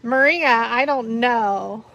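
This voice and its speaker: A woman's voice: a little high, takes it slowly, creaky, pushed and bright, lo-fi sound. Chatty woman hosting a crafting livestream. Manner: chatty, giggly, talks through steps while working. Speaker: paper flower tutorial host. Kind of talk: live crafting tutorial, chatting with viewers.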